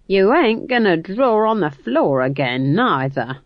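A woman's voice: mid-range voice, sing-song, measured pace, no echo, pitched above the performer's own voice. A woman voicing a chatty, mischievous old female witch with rustic, folksy grammar. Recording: dull dry studio read.

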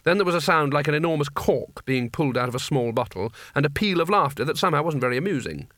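A man's voice: fairly high pitch, animated, quick pace, a bit bright, no room sound. A man narrating a comic fantasy audiobook in a dry, wry storytelling manner. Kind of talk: scripted narration.

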